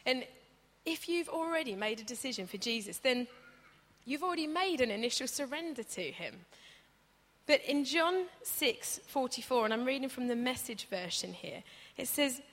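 A woman gives a chatty, humorous sermon and acts out little scenes along the way. Her voice is bright and a touch high. A long church-hall reverb trails after her words. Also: lively intonation, normal speed. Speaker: preacher. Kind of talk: conversational sermon.

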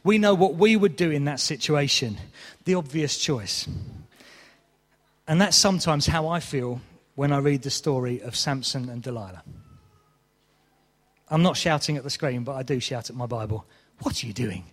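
A man's voice: mid-range voice, normal speed, in a large hall. A man preaching a sermon, telling a story with mock exasperation.

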